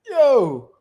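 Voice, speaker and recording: A young man hosting a boxing show, chatting in loud, profane, joking banter and often laughing. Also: very high-pitched. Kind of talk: casual chat reacting to live chat.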